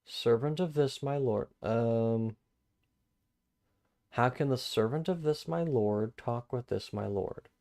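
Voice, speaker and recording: Slow and creaky, with a dark tone at medium pitch, a man leads a live-streamed Bible study. He reads verses aloud and offers casual commentary, going back over phrases as he thinks, his plain asides set between formal readings of scripture.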